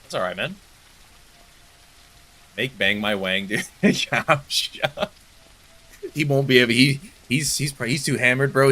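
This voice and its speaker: A young Canadian man with an East Coast accent, chatting fast and jokingly with viewers while he streams a game, full of slang and banter. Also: medium pitch, pushed and bright, slight background noise. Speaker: livestream gamer. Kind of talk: casual chat with chat while gaming.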